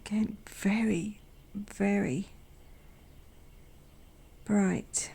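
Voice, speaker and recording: Slow, gravelly, soft-spoken woman painter. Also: mid-range voice, steady tone. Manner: gentle and chatty, drops to a soft near-whisper; self-deprecating asides. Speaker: watercolor artist and channel host. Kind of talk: casual narration while painting swatches.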